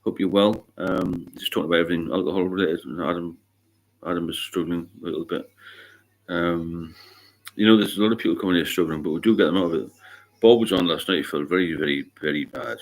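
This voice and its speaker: A man's voice: deep voice, fast. A middle-aged man from England hosting a casual livestream chat, talking bluntly, swearing freely and wandering into anecdotes. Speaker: livestream host.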